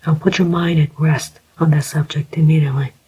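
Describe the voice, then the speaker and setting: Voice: mid-range voice, level tone, fairly quick, mellow, a little hiss or hum, natural voice, low-quality recording. A narrator whispering the part of a firm, principled older man who is a father, as whispered role-play. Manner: firm, emphatic.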